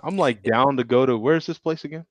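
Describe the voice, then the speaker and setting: A man hosting a casual live video chat over beers, excitable and animated, calling people "dude" and "man". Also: medium pitch, brisk, a little hiss or hum. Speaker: host. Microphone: video call.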